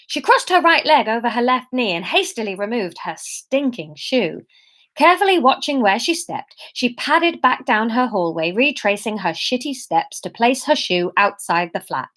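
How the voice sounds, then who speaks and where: A woman's voice: on the high side, sing-song, normal speed, fairly bright tone. A woman in her thirties reading her own comic story aloud, chatty, breaking off for asides and self-corrections. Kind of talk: unscripted-feeling serial story reading.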